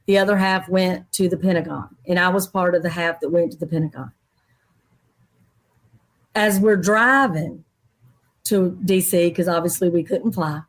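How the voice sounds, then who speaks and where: A middle-aged woman, a guest in an interview, telling a personal story in a lively way and acting out other people's voices. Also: mid-range voice. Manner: animated, acts out quoted people's voices.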